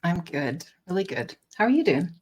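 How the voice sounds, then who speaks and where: A woman co-hosting a podcast, chatting in a relaxed, animated way. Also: on the low side, moderate pace, slightly rough. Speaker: podcast co-host. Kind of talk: casual conversation.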